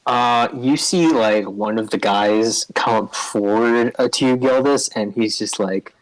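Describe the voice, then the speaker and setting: A man's voice: fairly low pitch, unhurried, few pauses, no room sound, low-quality recording. A man narrating a tabletop game as game master, rambling with many fillers. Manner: rambling, filler-heavy, laughs a lot.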